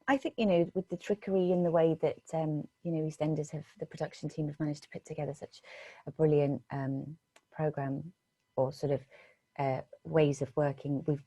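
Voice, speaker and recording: A woman being interviewed as an actress, telling stories in a lively way and acting out past conversations. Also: low-pitched, slightly rough, no echo. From Britain. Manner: animated storytelling, re-enacts conversations. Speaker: actress guest.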